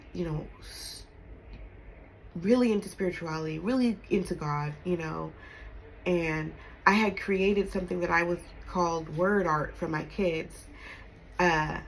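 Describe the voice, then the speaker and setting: A woman in her thirties, a homeschooling mother, telling a personal story in candid, emphatic talk that drops soft when she reflects. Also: on the low side, a little hiss or hum, low-quality recording. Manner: emphatic, punctuates with "okay?" and laughs. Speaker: storytime vlogger.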